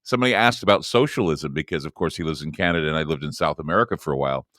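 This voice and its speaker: A man's voice: a bass voice, very fast, hardly any pauses, fairly bright tone, no room sound. A man hosting a talk radio show, talking in a rambling, emphatic way with many restarts, on a close studio microphone.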